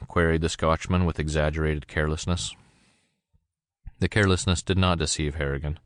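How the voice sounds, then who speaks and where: A male narrator reads a novel aloud in steady scripted narration. His voice sits extremely low. The sound is dry and close, with no room in it. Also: a little fast, no room sound. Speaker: audiobook narrator.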